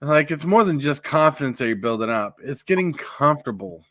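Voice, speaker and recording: A man's voice: fairly high pitch, expressive, brisk, fairly bright tone, no room sound. A man hosting a casual live podcast from his home at night, giving tips on speaking on camera. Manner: coaching, gives tips on projecting voice. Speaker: podcast host. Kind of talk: casual live-stream chat.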